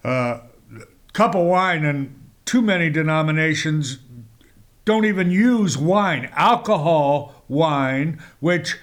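A man preaching a sermon, speaking with emphatic rises and reading scripture passages aloud in old-fashioned wording. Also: expressive. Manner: slow, emphatic delivery with sudden rises in pitch.

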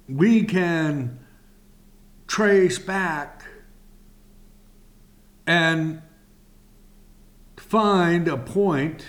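A man teaching a sermon-style Bible lesson, speaking in slow, deliberate phrases with long pauses. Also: fairly high pitch.

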